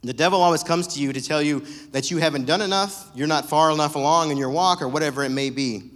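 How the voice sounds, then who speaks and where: A man's voice: on the high side, quick pace, fairly bright tone. A young man preaching a sermon in a casual, joking, conversational way. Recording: long reverb of a church hall.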